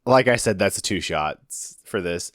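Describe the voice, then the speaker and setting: A man's voice: sits low, a little slow, no echo. Guy co-hosting a drinking-game podcast, hypes everything up, swears a ton, dry sound. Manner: profane, excitable, cheering and calling shots. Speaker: podcast co-host.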